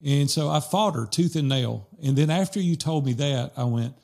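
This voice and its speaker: A man hosting a podcast, chatting casually with his co-host. His voice has a gravelly fry to it, and he tells stories with lively acted-out quotes. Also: a little high, a little fast, few pauses. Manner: animated storyteller, quotes people in lively voices. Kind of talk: casual chat.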